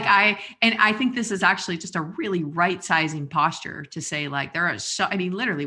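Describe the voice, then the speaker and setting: A woman in her thirties hosting a conversational interview, telling a story with lively emotion and frequent laughs. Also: sits low. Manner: animated storyteller, emotional, laughs often, says "like" a lot. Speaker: podcast host.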